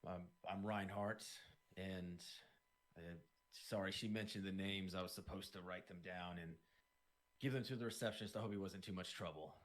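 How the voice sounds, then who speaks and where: A man's voice: low voice, fairly even intonation, moderate pace, close to an everyday voice. A man voicing a distracted male scholar in his thirties, apologetic and a bit flustered, in a tabletop game.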